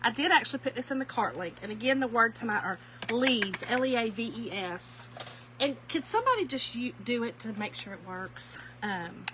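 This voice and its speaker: A woman's voice: fairly high pitch, lively intonation, moderate pace, background noise. A woman with a Southern accent, hosting a craft livestream in casual, teasing chat and laughing often. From US North.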